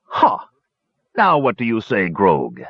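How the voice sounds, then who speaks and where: A man's voice: on the low side, wildly swooping pitch, slow, husky, dry recording, exaggerated voice. A man voicing a scornful, impatient male hobgoblin lord in a dull lo-fi recording. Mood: gloating. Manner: scornful, commanding.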